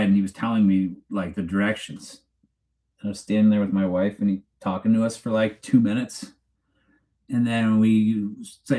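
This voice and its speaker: A man's voice: lowish voice, a little mellow. A man hosting a casual live stream, telling a rambling story full of "like"s and greeting viewers from chat. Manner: rambling anecdotal storytelling with filler "like"s; laughs while telling a story.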